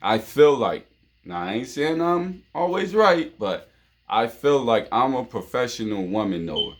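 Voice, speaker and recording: A man's voice: mid-range voice, big pitch swings, unhurried. Man giving casual relationship advice. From New York. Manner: informal, repeats himself, lots of "you know what I'm saying". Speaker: show host.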